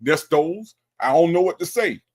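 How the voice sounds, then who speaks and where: A man's voice: fairly high pitch, lively intonation, voice pushed up. A man mimicking a stammering nervous guy. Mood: mocking. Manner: whiny, halting, mocking.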